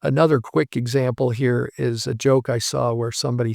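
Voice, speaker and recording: A man's voice: mid-range voice, fairly even intonation, fairly quick, creaky, few pauses, a little mellow, no room sound, clean studio sound. A man, a language professor being interviewed, patiently explaining ideas through worked examples and short anecdotes.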